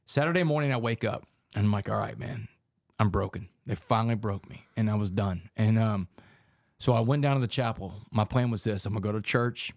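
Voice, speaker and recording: A man, a podcast guest, telling his story in an intense, rapid way. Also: lowish voice, a little mellow, no room sound, studio quality. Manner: fast, intense storytelling with gravelly voice.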